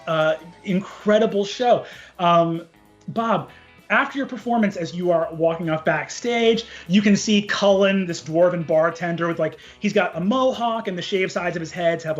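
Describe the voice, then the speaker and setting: Male game master, animated narration with fillers, dull recording. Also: high voice, unhurried, faint music behind.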